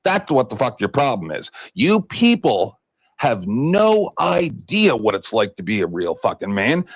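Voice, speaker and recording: A man's voice: mid-range voice, huge pitch swings, a little slow, husky, dry recording, muffled recording. An older retired man ranting angrily at a stream panel, swearing and hurling insults. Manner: shouting insults, swearing constantly. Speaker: debate panelist. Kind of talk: angry profane rant.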